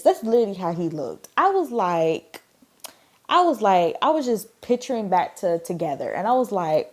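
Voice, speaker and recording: A woman's voice: medium pitch, big pitch swings, normal speed, breathy edge. A woman chatting casually as she reviews a drama, gushing and leaning on lots of filler words.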